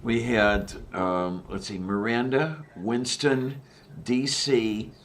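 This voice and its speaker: A man with a mid-range voice tells stories on a casual podcast. He speaks hesitantly and fills his pauses with "uh" and "um". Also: medium pitch, steady tone, a bit bright. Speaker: podcast co-host. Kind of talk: casual chat.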